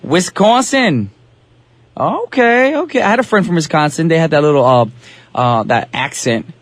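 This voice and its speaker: A man's voice: a little high, lively intonation, fairly quick. Upbeat slangy radio DJ man. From New Jersey. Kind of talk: casual radio chat. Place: radio studio. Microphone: studio microphone.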